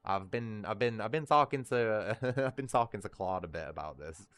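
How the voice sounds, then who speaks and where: A man with a northern Lancashire accent talks loosely to his livestream audience. His voice sits very low. He rambles, restarts and curses without a second thought. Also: animated, moderate pace, fairly bright tone. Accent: northern English, Lancashire. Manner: rambling, swears freely, laughs at himself. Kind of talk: casual livestream chat.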